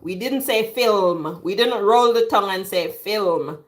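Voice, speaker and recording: A middle-aged Jamaican woman chatting through a home cooking video in her kitchen, jokey and quick to laugh. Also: mid-range voice. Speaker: cooking vlogger. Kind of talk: casual cooking chat.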